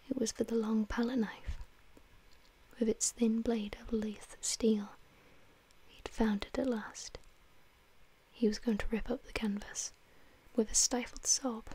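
A woman narrating a classic novel in a soft whisper into a close microphone, in whispered role-play style. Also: a little high, breathy edge. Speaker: ASMR narrator. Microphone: close mic.

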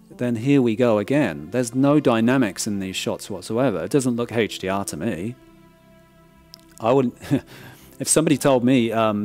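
A man's voice: fairly low pitch, darkish tone. Frank man reviewing a disc. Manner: frank, repeats "right?" often, restarts words. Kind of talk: casual critical review.

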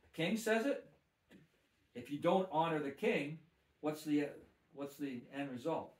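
A man's voice: a little high, lively intonation, measured pace, echoey room. A man, a minister, telling his testimony with emphatic, preacher-like repetition. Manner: emphatic preacher, repeats phrases with rising force. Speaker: guest minister. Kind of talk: testimony storytelling.

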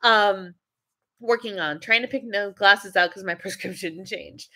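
A woman's voice: medium pitch, unhurried. A woman who is a wellness coach, chatting on a webcam livestream and reading out viewer comments. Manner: chatty and animated, laughs often.

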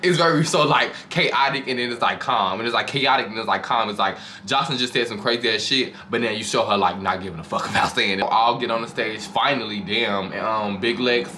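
A man's voice: on the low side, fairly quick, hardly any pauses, sharp tone. A man hosting his own channel, recapping a reality show in casual, profane, gossipy commentary with dramatic flair. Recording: noticeable background noise.

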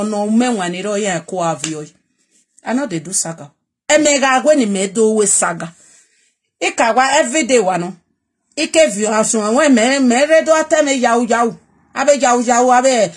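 A woman's voice: mid-range voice, breathy edge. A woman from Edo State with a Nigerian accent, ranting straight to camera and switching between Pidgin and her Edo dialect as she issues a defiant challenge. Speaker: vlogger. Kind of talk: direct-to-camera live video rant.

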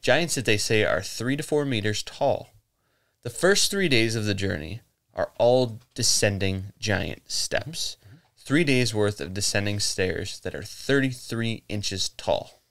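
With a low-ish, expressive and slightly bright voice, this American podcast co-host takes his time. He relates a legend in loose, rambling casual chat, complete with cursing and laughter.

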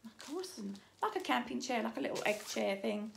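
A woman's voice: a little high, lively intonation, brisk, creaky, noisy background. A woman in her fifties with grandchildren, chatting casually and rambling through a shopping haul with many restarts. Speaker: vlogger showing a shopping haul.

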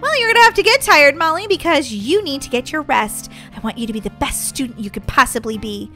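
A woman playing a high, bright, fussy strict mom. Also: lively intonation, brisk, faint music behind. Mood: firm. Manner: fussy, worried, exaggerated scolding. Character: anxious overprotective mother of two girls. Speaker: voice actor in a game role-play. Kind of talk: casual role-play voice acting.

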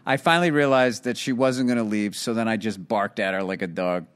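A middle-aged man hosting a podcast, telling a story in casual chat, animated and heavy on swearing. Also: on the low side, a little fast, clear, resonant tone. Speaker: podcast host.

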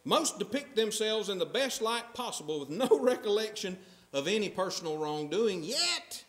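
A man's voice: very high-pitched, fairly bright tone. A man preaching a sermon in a church, emphatic and often asking the congregation questions. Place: church sanctuary. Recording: echoey church sanctuary.

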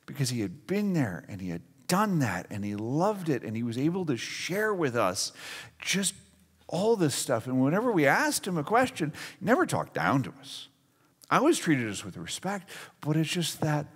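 A man's voice: a little high, huge pitch swings, fairly quick, husky. A pastor in his forties preaching a conversational, storytelling sermon in a church sanctuary. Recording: long church reverb.

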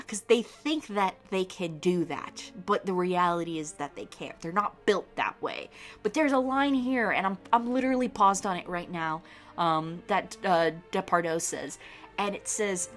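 A young woman with a deep, low-pitched voice talks casually on her podcast, rambling with enthusiasm. She keeps circling back with ums and half-started sentences. Soft music sits faintly in the background. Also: expressive, moderate pace. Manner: enthusiastic, rambling with many fillers and restarts. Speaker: podcast host. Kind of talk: casual rambling film talk.

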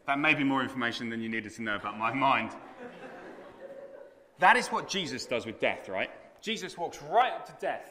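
A man's voice: mid-range voice, lively intonation, normal speed, big-room sound, crowd noise. A man preaching a sermon at a conference, telling the story dramatically and with animation. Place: conference hall.

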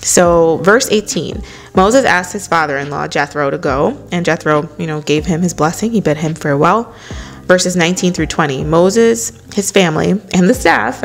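A woman's voice: lowish voice, creaky. A woman hosting a casual Bible study, talking conversationally and filling her speech with "you know". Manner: conversational, many "you know" fillers, light laughs.

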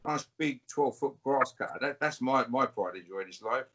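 British man, husky, combative interview guest on a video call, taunting. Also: medium pitch, a little fast, fairly bright tone. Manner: taunting, repetitive, calls listener mate. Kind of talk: combative interview trash talk.

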